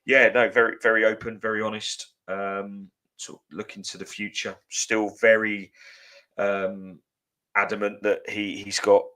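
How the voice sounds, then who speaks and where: A man's voice: fairly low pitch, level tone, a little slow, sharp tone. A man co-hosting a podcast, telling rambling anecdotes full of ums and uhs. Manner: rambling anecdotes with many fillers. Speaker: podcast co-host. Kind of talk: casual chat. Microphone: podcast microphone.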